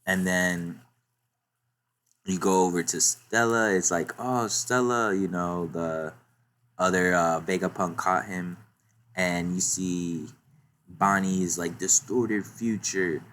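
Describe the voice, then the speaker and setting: Low-voiced man doing a casual recap. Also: takes it slowly, slight background noise. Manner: excited retelling with many fillers. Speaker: YouTuber recapping a manga chapter.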